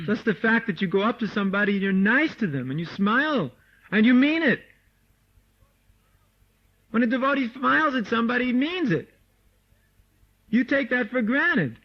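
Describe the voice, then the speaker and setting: A man giving a lively, informal lecture to devotees, mimicking people and laughing as he talks, recorded on an old tape. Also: extremely high pitch, normal speed, long pauses. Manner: animated, mimics voices, laughs often. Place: meditation hall or farmhouse room. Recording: dull lo-fi 1979 tape recording.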